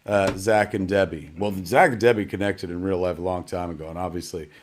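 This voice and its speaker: The host of this digital premiere speaks low and brisk, his intonation fairly even, over a slight hiss or hum. He wanders from topic to topic, cracks self-deprecating jokes, and swears now and then.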